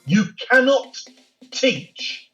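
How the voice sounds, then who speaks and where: A flamboyant middle-aged man fronts a mock phone-in quiz over a video call. He speaks high and bright, and his pitch leaps around as he teases callers and shouts for them to stop. His banter is loud and theatrical. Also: drawn-out words, highs cut off, soft background music. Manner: animated, teasing, exclaims loudly. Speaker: guest presenter hosting a mock phone-in quiz.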